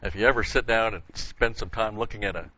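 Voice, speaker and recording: A man's voice: on the low side, brisk, background noise. An older man teaching a Bible study lecture, explaining word meanings and wandering into folksy stories with chuckles. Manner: folksy, digressive storytelling with chuckles. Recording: muffled lo-fi recording.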